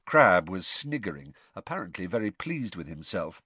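A man narrating an audiobook in an expressive, measured way. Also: low voice, slightly rough, no room sound.

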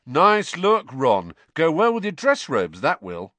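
A man's voice: on the high side, huge pitch swings, slow, a bit bright, no room sound, pitched above the performer's own voice, exaggerated voice. A man playing a cheeky teenage prankster. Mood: teasing. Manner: teasing, brash.

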